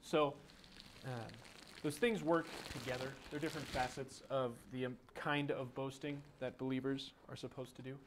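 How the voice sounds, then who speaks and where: A man leading a group Bible study, teaching in a relaxed, folksy way with everyday analogies. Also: medium pitch, moderate pace, slight background noise. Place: group room with a recording.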